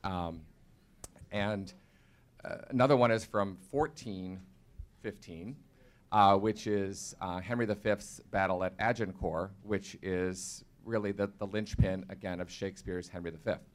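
A man with a somewhat low voice takes his turn on a faculty panel. He has a relaxed, self-deprecating humor and eases into his points with casual fillers. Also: a little slow. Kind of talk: panel talk.

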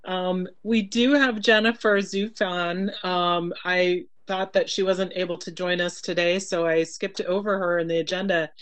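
A woman's voice: lowish voice, level tone, measured pace, hardly any pauses, no echo. A woman hosting an online poetry event over a video call, speaking casually with many hesitations. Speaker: event host.

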